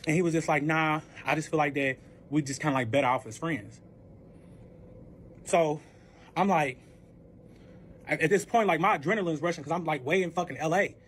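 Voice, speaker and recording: A young man telling a personal story in a casual vlog, animated and profane, acting out both sides of the conversation. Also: a little high, slight background noise.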